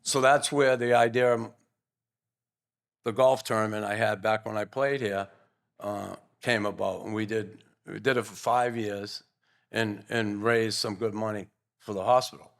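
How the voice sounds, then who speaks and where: Older male guest, gravelly voice, earnest, rambling anecdotes with restarts. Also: lowish voice, steady tone, measured pace. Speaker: guest, former pro hockey player. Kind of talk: casual interview storytelling.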